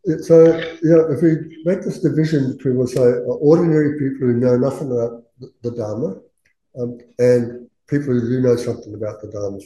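Man, buddhist teacher, very dark mellow tone, roomy echo, chatty with laughs. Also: mid-range voice, fairly even intonation, fairly quick, lo-fi sound. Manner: chatty, laughing, acts out quoted voices. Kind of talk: casual Dharma talk.

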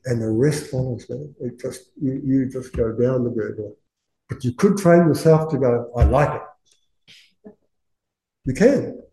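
Chatty man with a dark voice. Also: medium pitch, measured pace, creaky, long pauses. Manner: chatty, laughing, acts out quoted voices. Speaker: Buddhist teacher. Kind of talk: casual Dharma talk. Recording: roomy echo.

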